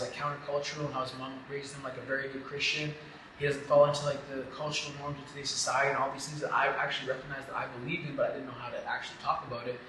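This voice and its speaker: A man guest tells a story at a rushed clip, rambling and emotional, with a "like" in almost every phrase. He sits well back from the microphone in a strongly echoing room, with steady noise underneath. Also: mid-range voice. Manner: rambling and emotional, heavy use of "like". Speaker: podcast guest. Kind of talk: casual interview storytelling. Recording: echoey room, far from the mic, noisy.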